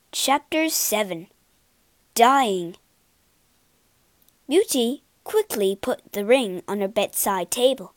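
A woman reading a storybook aloud in an expressive, unhurried way. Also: mid-range voice, dry recording.

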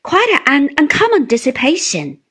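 A woman's voice: high-pitched, wildly swooping pitch, a bit bright, voice pushed up, full character voice. A woman doing a meek elderly country doctor. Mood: meek, deferential. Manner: slow, deferential, apologetic.

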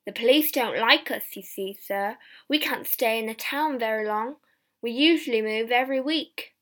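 A woman reading a storybook, voicing a loud, eager, servile Victorian male showman who calls everyone sir. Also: fairly high pitch, moderate pace, close to an everyday voice. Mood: fawning.

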